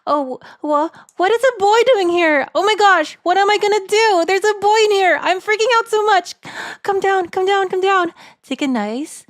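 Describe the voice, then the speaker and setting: A man's voice: very high-pitched, moderate pace, fairly bright tone, no room sound, clean studio sound, pitched above the performer's own voice. A man voicing a giddy, boy-crazy girl who swoons over a scent, gushing breathlessly and over the top, as he reads out a fan voicemail in character. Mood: giddy swooning.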